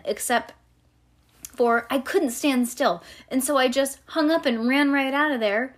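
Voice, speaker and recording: A woman reading a children's storybook aloud to a child, lively and pausing to explain things. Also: on the high side.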